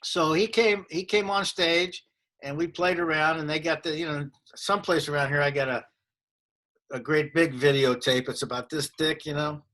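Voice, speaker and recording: A man in his sixties, a comedian guest telling anecdotes in an animated way in a casual interview. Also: on the high side, normal speed.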